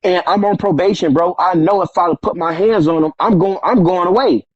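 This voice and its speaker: Man guest, animated storyteller, slightly high voice, dry dull studio sound. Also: fairly quick, no echo. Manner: animated, acts out quoted voices, street slang. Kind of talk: casual storytelling conversation.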